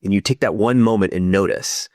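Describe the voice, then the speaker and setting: A male psychotherapist talking through ideas in a relaxed podcast interview, sometimes acting out inner voices. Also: fairly low pitch, a little fast, no echo. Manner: thoughtful, explanatory, acts out inner voices. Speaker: psychotherapist guest.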